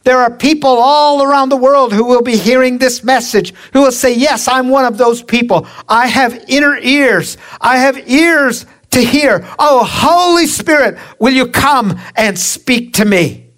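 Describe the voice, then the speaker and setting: Slow, emphatic woman preacher. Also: sits high. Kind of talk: sermon.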